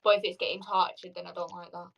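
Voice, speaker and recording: A woman's voice: on the low side, level tone, fast talker, gravelly. A woman chatting with a stranger online, rambling and hesitant, full of fillers. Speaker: stranger on a video chat. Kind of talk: casual chat. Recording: voice distant from the mic.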